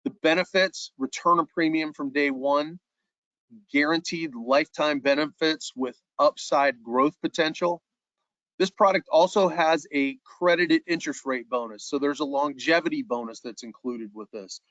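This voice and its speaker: A man's voice: fairly high pitch, normal speed, fairly bright tone, no room sound, lo-fi sound. A man giving an insurance sales presentation in a webinar, earnest and repeating words as he restarts his phrases.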